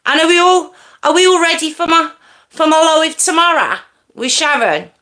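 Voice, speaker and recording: A woman's voice: extremely high pitch, normal speed, sharp tone. A woman hosting a live stream, chatting casually with viewers and greeting them by name. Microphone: earpiece in.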